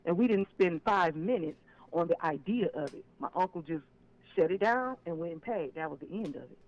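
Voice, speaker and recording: A man with a notably high voice calls in over a dull, lo-fi phone line. He tells his story emphatically and with a clear sense of grievance, pressing each point home. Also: animated, normal speed. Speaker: caller. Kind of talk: phone-in call on a live stream.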